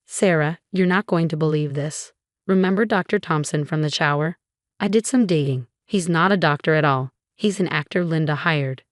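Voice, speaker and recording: An urgent young woman friend with news to share, as a woman narrator puts her on. The voice sits low and the sound is dry. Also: moderate pace, dry recording, lightly acted.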